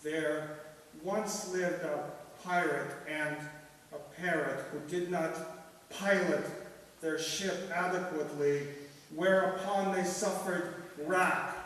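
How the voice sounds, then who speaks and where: A man from Russia reads poetry at a live event, slipping in wry, dry asides. His slightly high voice rings through a large reverberant hall, picked up from a distance with faint room noise behind. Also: steady tone, takes it slowly, a bit bright. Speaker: poet. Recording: echoey hall, mic at a distance.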